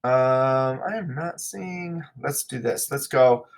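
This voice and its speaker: A man's voice: mid-range voice, takes it slowly. A man teaching a recorded lesson, explaining the play casually with fillers and frequent check-ins.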